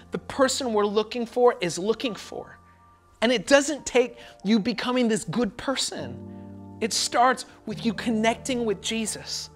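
A woman's voice: medium pitch, a bit bright. A woman pastor preaching a sermon in an earnest, repetitive cadence.

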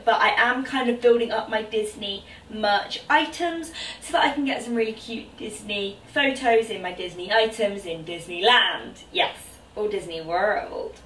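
A woman's voice: a little high, fairly bright tone. Bubbly woman, roomy and distant. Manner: bubbly, chatty, exclaiming. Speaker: fashion vlogger. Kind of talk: try-on haul chat.

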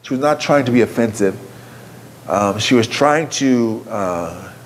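A man's voice: fairly low pitch, animated, measured pace, slight background noise. Man giving a storytelling keynote. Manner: conversational storytelling to a live audience, asks the room questions. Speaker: keynote speaker. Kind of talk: conference keynote talk.

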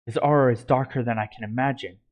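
Anton is an anxious wolf spirit, the younger brother, who speaks with worry in his voice, as a man reads him. The pitch sits in the middle range. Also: fairly even intonation, fast talker, dull audio, lightly acted. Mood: worried. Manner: worried.

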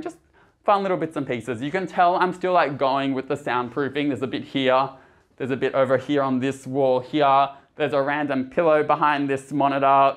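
A chatty, bubbly young man giving a casual tour of his small apartment, recorded on a handheld camera. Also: fairly high pitch. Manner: chatty and bubbly, lots of fillers. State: a bit out of breath. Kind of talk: casual vlog chat.

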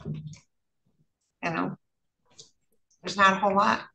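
Presiding over courtroom proceedings, this woman judge talks very slowly in a medium-pitched, gravelly, sharp voice with fairly even intonation. Her speech is plain and casual, peppered with fillers, captured in a roomy courtroom with faint background noise.

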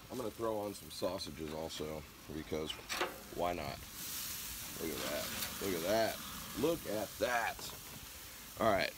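Brief: male cooking vlogger, low voice, hoarse with a cold, excited chatter, faint background noise. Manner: enthusiastic, chatty, talks to viewers. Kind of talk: casual cooking vlog. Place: backyard grill and home kitchen.

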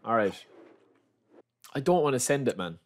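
A young man giving chatty, excitable gameplay commentary, calling his viewers lads. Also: mid-range voice, normal speed. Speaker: gaming YouTuber.

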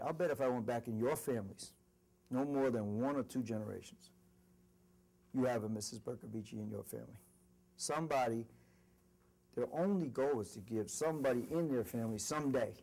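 A middle-aged man speaks to a university audience in an earnest, storytelling manner. His voice sits at an ordinary male pitch, and he builds his anecdotes with lively emphasis. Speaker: corporate executive speaker. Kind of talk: motivational speech. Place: university lecture event.

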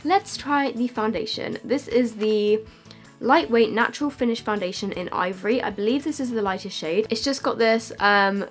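A woman's voice: fairly high pitch, moderate pace, soft background music. A young woman with a slight lisp, chatting casually to camera as a beauty vlogger, with lots of fillers.

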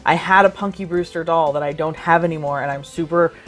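A woman in her thirties co-hosting a casual chat about thrift and flea market finds, excitable and jokey. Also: deep voice, fast talker, soft background music. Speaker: co-host.

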